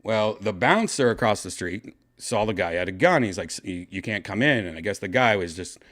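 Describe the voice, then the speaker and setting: A man hosting a podcast, casually telling a story with excitement and swearing, acting out his own shouts. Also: lowish voice, fairly quick. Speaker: podcast host.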